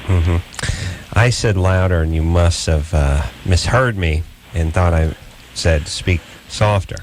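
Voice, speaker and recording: A man's voice: sits low, slow pace, a little hiss or hum. A middle-aged man hosting a late-night call-in radio show, riffing loosely and joking with a co-host and callers. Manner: loose, joking, rambling riffs and bits.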